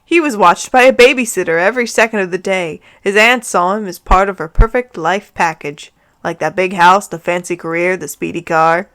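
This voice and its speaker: A woman voicing a concerned, wise male half-giant who speaks earnestly and quickly. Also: fairly low pitch, a bit bright, no room sound, lightly acted.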